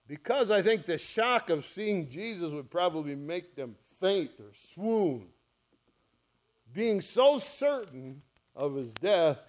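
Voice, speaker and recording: Slow-speaking preacher man. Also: on the high side. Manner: storytelling preacher, acts out quoted voices softly and loudly. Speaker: pastor. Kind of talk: sermon. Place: church.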